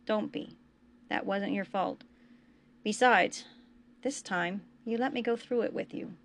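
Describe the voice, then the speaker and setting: A woman reading a story aloud, voicing a steady young man who comforts a friend in a gentle, earnest way. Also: mid-range voice, measured pace, creaky, slight background noise. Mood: reassuring. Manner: gentle, reassuring, warmly earnest.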